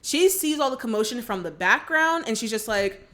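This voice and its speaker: A woman casually retelling a film's plot for her channel, full of fillers and quick to scold the characters. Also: on the high side, animated, fairly bright tone. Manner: chatty, lots of fillers like "like" and "you know"; gets indignant and scolding at characters. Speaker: movie reaction vlogger. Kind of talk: casual movie recap.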